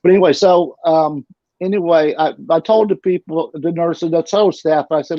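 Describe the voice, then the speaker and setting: A man's voice: fairly high pitch, normal speed, dry recording. A middle-aged man, a guest telling a long personal story in casual talk, rambling and restarting his sentences often. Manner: rambling, with frequent restarts and repeats. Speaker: interview guest. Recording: dull, lo-fi dry recording.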